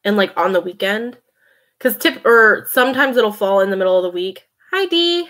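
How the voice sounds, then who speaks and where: A woman's voice: mid-range voice, animated, moderate pace, fairly bright tone. A woman hosting a casual late-night livestream, chatting, reading comments and laughing often. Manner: chatty, laughs often, talks to her cat. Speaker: livestream host.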